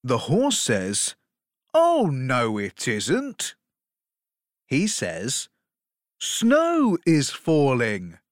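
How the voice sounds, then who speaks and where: Slow, lively woman reading a story. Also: no room sound, clean studio sound. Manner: slow and clear, very lively pitch, acting out animal voices. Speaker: English teacher. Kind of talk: reading a children's story aloud.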